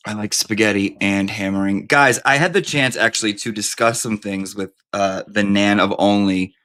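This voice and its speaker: A man's voice: on the low side, fairly even intonation, normal speed, pushed and bright. A man hosting a live stream in casual chat, campy, profane and rambling.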